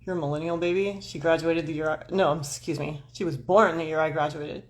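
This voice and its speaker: A woman in her forties livestreams astrology talk from home to her camera, chatting with viewers in a scattered, self-deprecating ramble peppered with swearing. Her voice is deep and brisk, with fairly even intonation.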